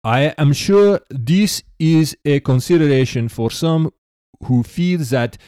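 An earnest Russian man lays out history in measured, formal sentences, as a podcast host puts on a thick accent that slides toward Dracula. The tone stays mellow and warm. The sound is dry and close. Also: a little high, animated, smooth, no room sound, voice pushed up. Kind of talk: podcast read-aloud in a put-on voice.

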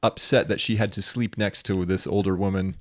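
A man co-hosting a podcast who talks in a measured, deliberately formal and dry way. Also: low voice, flat delivery, dry recording. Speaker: podcast co-host. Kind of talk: casual chat.

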